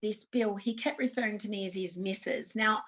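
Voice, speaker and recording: Over dull audio, a woman with a mid-range, somewhat bright voice speaks at a moderate pace. She is Australian, in her fifties, and a former TV actress, chatting through anecdotes in a casual interview and often restarting.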